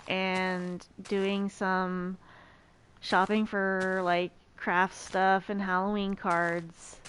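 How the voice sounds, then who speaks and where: A woman's voice: medium pitch, slight background noise. A woman streamer telling a casual personal story, chatty and emphatic, often restarting her sentences.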